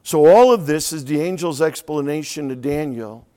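A man preaching an expository sermon, reading verses slowly and quietly, then explaining them with rising emphasis. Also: on the high side, smooth.

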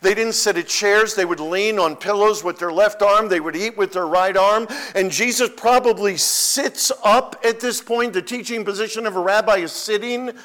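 A man's voice: high-pitched, normal speed, hardly any pauses, a bit bright. A man preaching a sermon as pastor, emphatic and repeating key phrases for weight.

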